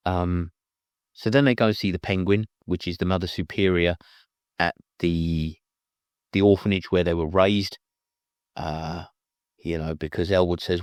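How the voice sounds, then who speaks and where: A man's voice: deep voice, steady tone, moderate pace, no room sound, studio quality. A man reviewing a film, retelling the plot in a rambling, casual way with many restarts.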